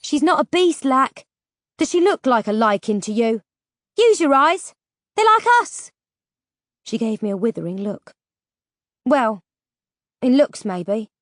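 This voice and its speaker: A scrappy, blunt orphan girl voiced by a woman narrator in a storybook reading, a touch higher than the narrator's own voice. She fires off sharp, teasing retorts. The audiobook recording is dry and close. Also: animated, unhurried, long pauses, no room sound. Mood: scornful. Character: scrappy young female orphan, bold and blunt.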